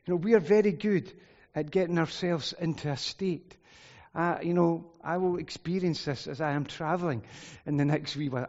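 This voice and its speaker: Preacher guy, middle-aged, high-ish voice, chatty and earnest, muffled hall sound. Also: darkish tone. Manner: earnest, conversational, many "you know" asides. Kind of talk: sermon.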